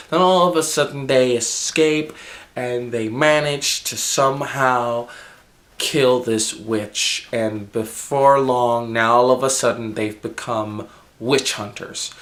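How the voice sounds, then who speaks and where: A man's voice: medium pitch, a bit bright. A man who says he is sick, reviewing a movie in a casual vlog, rambling with fillers and the odd giggle.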